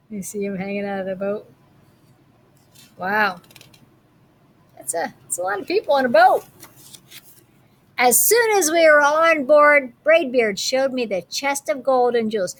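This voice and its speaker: A woman's voice: high voice, animated, a little slow, long pauses, fairly bright tone. A woman teacher reading a picture book aloud to children, with friendly, chatty asides.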